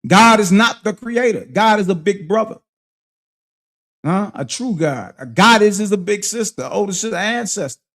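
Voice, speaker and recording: Man with a higher voice, streetwise commentary. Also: animated, normal speed, fairly bright tone. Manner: conversational, rhetorical "huh?" check-ins to listeners; streetwise slang, emphatic. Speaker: host. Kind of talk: casual reading and commentary on a religious book.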